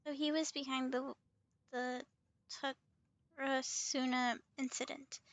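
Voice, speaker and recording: A woman's voice: sits high, flat delivery, takes it slowly, a bit bright, no room sound. A young woman streaming a video game, chatting and reacting casually while she thinks aloud. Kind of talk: casual gaming commentary.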